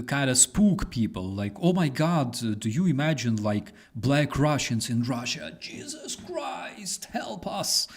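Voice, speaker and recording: Slow-talking man hosting casual commentary. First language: Ukrainian. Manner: relaxed, halting, many fillers and restarts; voices quoted people with exaggerated high-pitched mimicry. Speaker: host.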